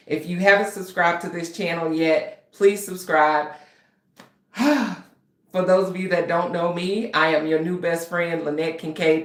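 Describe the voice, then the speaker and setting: A woman's voice: on the low side, a bit bright, echoey room. A woman hosting her author channel, chatting casually and a bit nervously to viewers. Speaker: author and writing coach, channel host. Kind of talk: casual livestream talk to viewers.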